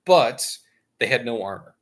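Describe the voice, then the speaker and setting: A man's voice: medium pitch, animated, unhurried. A man hosting a gaming stream, telling a long story in casual chat with jokey asides and frequent laughs. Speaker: stream host.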